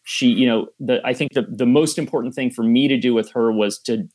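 A man's voice: medium pitch, steady tone, fairly quick, darkish tone. Thoughtful male film director in conversation. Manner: thoughtful, explains at length with restarts. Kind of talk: casual interview chat.

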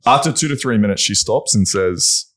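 Animated man telling a story on a podcast. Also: moderate pace. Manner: animated storyteller, acts out quoted voices with big pitch jumps. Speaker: podcast co-host. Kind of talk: casual chat.

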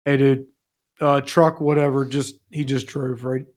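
A young man in casual chat, telling work stories with profanity and loud acted quotes. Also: medium pitch, little pitch movement, measured pace. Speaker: podcast guest.

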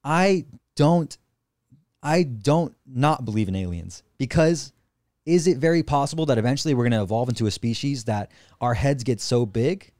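A man on a podcast as a guest, telling a story in an animated, excitable, casual way, full of slang and swearing. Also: mid-range voice, moderate pace, dry recording, clean studio sound.

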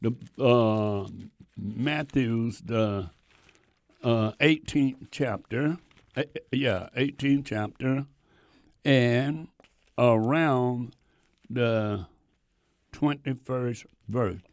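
Animated gravelly preacher man, slow delivery. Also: medium pitch, no echo. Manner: folksy, animated, halting reading with restarts. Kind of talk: sermon with scripture reading.

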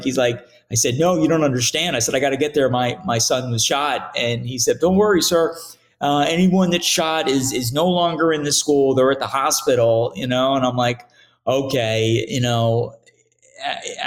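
A middle-aged man recounting a painful personal story as an interview guest, halting and repeating words, his voice rising sharply as he quotes others. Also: medium pitch. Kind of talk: emotional personal account in an interview.

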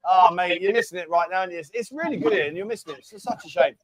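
A man's voice: high voice, quick pace, crowd noise. A man hosting a casual live stream, bantering and teasing viewers. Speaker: livestream host. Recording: dull lo-fi stream audio.

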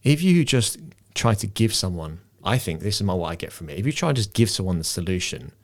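A man's voice: low-pitched, sing-song, fairly quick. A man hosting a casual podcast chat, explaining ideas and often restarting his sentences.

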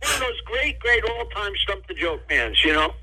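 A man telling jokes as a comedian guest on an interview, an animated storyteller who laughs at his own jokes. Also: high voice, moderate pace, slightly rough, low-quality recording.

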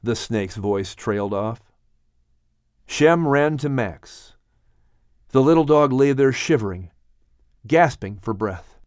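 A man narrating a dramatic audiobook story on a studio mic in an expressive, unhurried way. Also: medium pitch, clear, resonant tone, no room sound.

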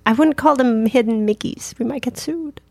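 A woman's voice: on the high side, moderate pace, vocal fry, husky, no room sound. A woman co-hosting a casual chat with her wife, goofy and giggly, in a punchy mood. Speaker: podcast co-host.

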